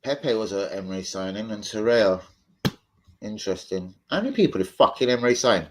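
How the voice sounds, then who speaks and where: A man's voice: on the low side, expressive, brisk. A man hosting a live stream, debating football bluntly, swearing freely and arguing with his chat.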